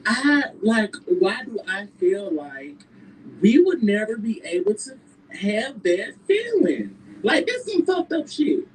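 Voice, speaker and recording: A female reality show cast member opens up emotionally in confessional-style conversation about her life, emphatic and frequently imitating what others said in put-on voices. Her fairly high voice swings widely in pitch at a slow pace. The audio is reverberant and low quality, with a distant mic and slight background noise.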